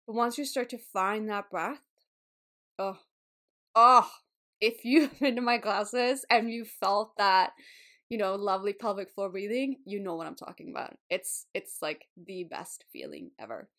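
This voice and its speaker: A woman's voice: a little high, a bit bright. A woman hosting a wellness podcast in a casual, bubbly way, laughing often and swearing now and then. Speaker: podcast host.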